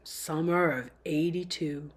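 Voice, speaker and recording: A woman voicing an easygoing young man, speaking lower and slower in a wistful way.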